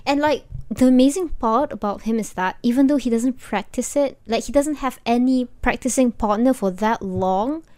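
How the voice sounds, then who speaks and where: A woman's voice: fairly high pitch, moderate pace, few pauses, a little mellow. A young woman co-hosting a podcast in casual chat, chatty and rambling with lots of "like" and "you know". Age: young adult. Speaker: podcast co-host.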